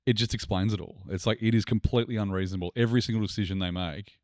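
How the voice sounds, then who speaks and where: A middle-aged man co-hosting a podcast in casual chat, agreeing often and talking quickly. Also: fairly low pitch, steady tone, no echo, studio quality. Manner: fast, agreeable, backchannels a lot. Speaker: podcast co-host.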